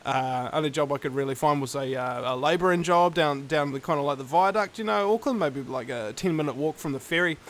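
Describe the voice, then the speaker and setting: A man's voice: on the high side, fairly quick, hardly any pauses, fairly bright tone. Blunt New man hosting. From New Zealand. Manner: blunt, mildly cussing, wry. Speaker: host. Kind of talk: casual chat.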